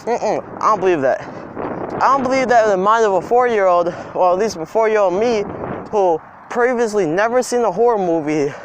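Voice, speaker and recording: Out in the cold, a young man rambles through a personal story in a casual, emphatic storytime vlog. He's a vlogger with a high-pitched voice, speaking at a moderate pace over slight background noise.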